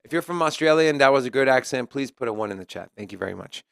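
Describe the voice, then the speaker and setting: A man's voice: mid-range voice, animated, very fast, creaky, no room sound, studio quality. A man co-hosting a casual crypto news show, reading articles aloud and commenting on them. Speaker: co-host.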